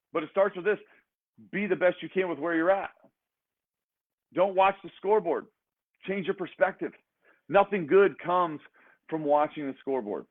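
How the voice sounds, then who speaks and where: A man giving an energetic motivational talk as a fitness coach, speaking in emphatic, repeated exhortations. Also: a little high. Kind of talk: motivational speech. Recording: tinny phone-like sound.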